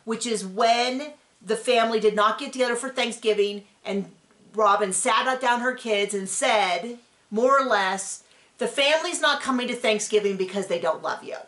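Middle-aged lady chatting about a tv show, kinda high voice, acts out what people said, roomy echo. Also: moderate pace. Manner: animated, acts out quotes, rambling asides. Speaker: recap show co-host. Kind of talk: casual chat recapping a reality show. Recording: echoey room.

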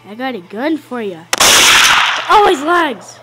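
High, excitable gaming woman. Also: measured pace, long pauses, music in the background, rough recording. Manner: excitable, yelling and taunting at the game. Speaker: gaming video host. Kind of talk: casual gameplay commentary.

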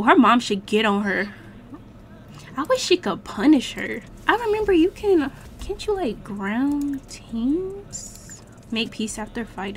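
Young female streamer, talkative and expressive, a bit higher-pitched, relaxed game commentary. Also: slight background noise. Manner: chatty and slangy, reacting loudly to the game. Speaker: gaming channel host. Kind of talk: casual let's-play commentary.

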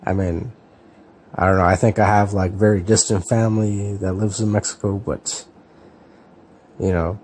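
A man in his thirties from California, chatting casually in a relaxed, hesitant way with lots of fillers and restarts. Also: fairly low pitch, normal speed, long pauses, slight background noise. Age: 30s. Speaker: book vlogger. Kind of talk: casual chat, answering a tag.

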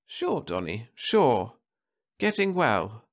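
A man voicing a weary middle-aged wife pleading softly at her dying husband's bedside. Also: mid-range voice, huge pitch swings, slow, pitched above the performer's own voice, exaggerated voice. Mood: strained. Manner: soft, strained, pleading.

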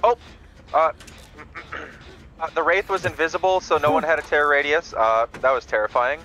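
A man chatting casually with teammates while gaming, making relaxed callouts. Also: fairly high pitch, normal speed. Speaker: gamer.

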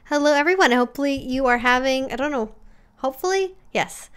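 Bright-voiced woman hosting a casual livestream. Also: high voice, a little fast, smooth. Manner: chatty, reads viewer comments aloud and greets them by name. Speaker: livestream host.

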